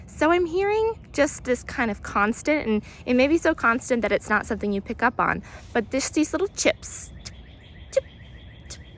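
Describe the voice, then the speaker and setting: A woman guiding an outdoor nature walk, explaining bird sounds in a relaxed way with many pauses and imitating the calls. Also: sits high, slight background noise. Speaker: naturalist guide. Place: outdoors near hedges and compost bins.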